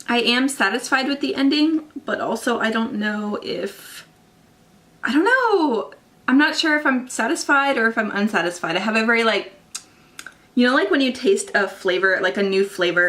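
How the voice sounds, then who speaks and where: A woman's voice: a little high, a bit bright. Young woman rambling about a book on her vlog, super casual, says like a lot. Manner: chatty, gushing, peppered with "like" and casual swearing. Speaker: book vlogger. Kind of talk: casual chat.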